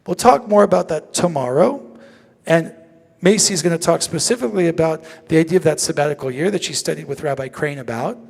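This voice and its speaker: A man teaching as a rabbi, lively and joking as he asks the audience questions. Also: a little high, fairly quick, creaky, slightly rough. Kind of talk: interactive teaching talk. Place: synagogue sanctuary. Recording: long reverb of a large hall.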